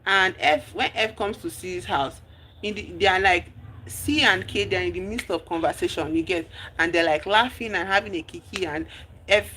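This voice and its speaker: A woman's voice: lowish voice, normal speed, a little hiss or hum. Chatty woman. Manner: chatty, animated, slang-sprinkled storytelling. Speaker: streamer. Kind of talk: casual livestream movie recap.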